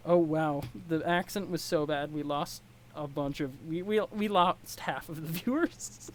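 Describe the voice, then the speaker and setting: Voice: medium pitch, unhurried. A casual host reading a webcomic aloud, rambling and self-deprecating with jokey asides. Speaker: webcomic read-along host.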